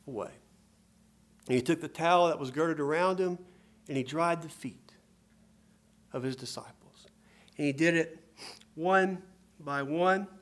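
A man with a voice on the high side preaches a sermon, shifting from hushed storytelling to loud, emphatic passages as he quotes scripture.

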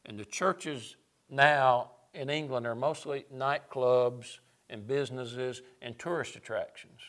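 A man's voice: mid-range voice, fairly even intonation, slow, a bit bright. A man preaching a sermon, emphatic and sarcastic, building his points through lists.

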